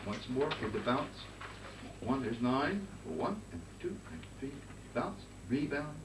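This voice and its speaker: A man teaching a conducting master class, giving brisk coaching commands and singing phrases in nonsense syllables. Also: mid-range voice, big pitch swings. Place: rehearsal room with band. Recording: roomy distant recording with noise.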